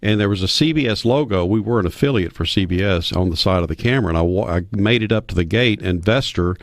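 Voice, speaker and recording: A man's voice: fairly low pitch, quick pace, no echo, clean studio sound. A man, a radio guest telling folksy stories. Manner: anecdotal, folksy, animated when quoting others. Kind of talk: storytelling interview.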